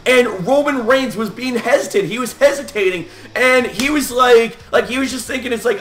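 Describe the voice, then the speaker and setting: A man giving a loud, animated reaction rant as a wrestling fan vlogger, swearing and shouting often. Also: extremely high pitch, normal speed, hardly any pauses, echoey room.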